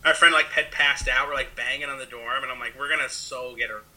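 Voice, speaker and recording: A man's voice: medium pitch, steady tone, quick pace, crowd noise, low-quality recording. A young man telling a story in casual chat, rambling with many fillers and acting out the people he quotes. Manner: rambling, filler-heavy, acts out quoted voices.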